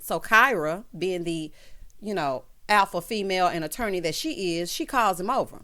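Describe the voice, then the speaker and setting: Sassy, animated woman recapping reality TV. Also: medium pitch, moderate pace. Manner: sassy, animated, calls viewers honey and child. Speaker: YouTube recap host. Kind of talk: casual reality show recap commentary.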